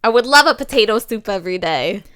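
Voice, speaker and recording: A woman's voice: mid-range voice, lively intonation, fast, fairly bright tone, no echo. A woman co-hosting a podcast, chatting in a bubbly, rambling way. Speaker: podcast co-host. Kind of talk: casual chat.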